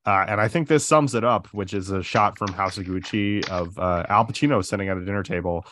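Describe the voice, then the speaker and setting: A man's voice: on the low side, brisk, slight background noise. A man hosting a podcast, chatting casually with lots of "like" and "uh" fillers. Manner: relaxed, filler-heavy, many "like" and "uh". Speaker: podcast host. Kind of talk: casual chat.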